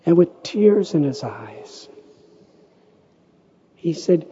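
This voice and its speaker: A man from the United States gives a storytelling lecture, speaking very slowly in a deeply mellow, dark voice that sits a little high. His telling is gentle and unhurried and swells into emotional, raised quoted speech. The recording is dull and lo-fi, with a faint hiss behind him. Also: sing-song. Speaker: monk lecturer.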